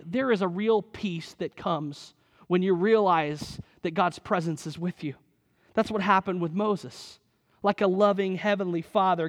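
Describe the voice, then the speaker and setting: A man's voice: high voice, in a large hall. A man preaching a sermon as a pastor, earnest and building to emphatic bursts as he reads scripture aloud.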